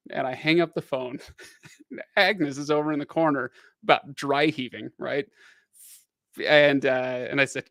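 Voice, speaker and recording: A man's voice: medium pitch, fairly even intonation, measured pace, pauses often, a bit bright. A middle-aged man telling a long personal story on a casual livestream. He talks animatedly, laughs often and uses lots of fillers and restarts, in a plain mid-range voice. The sound is dry and close, with no room echo. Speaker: livestream host.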